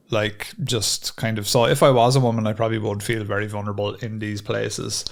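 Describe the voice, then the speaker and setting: A young man with a gravelly, creaky edge to a fairly low voice, co-hosting a podcast. He talks in a relaxed, conversational way and wanders into drawn-out asides. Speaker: podcast co-host. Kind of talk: casual podcast chat.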